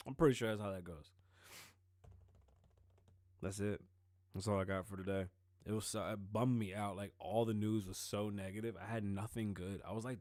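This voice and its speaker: A man's voice: on the low side, steady tone, moderate pace, long pauses, a little mellow, no room sound, clean studio sound. A man hosting his own show in casual solo commentary, rambling and joking with a lot of profanity. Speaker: show host.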